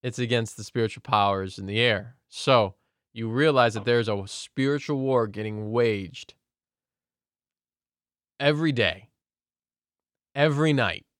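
A man's voice: on the low side, a bit bright, no echo, clean studio sound. A man earnestly sharing a personal faith testimony in casual conversation, often restarting his sentences.

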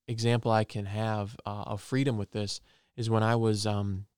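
A man's voice: on the low side, level tone, normal speed, a little mellow, smooth, no echo, studio quality. A man giving an earnest personal testimony and preaching, repeating phrases for emphasis.

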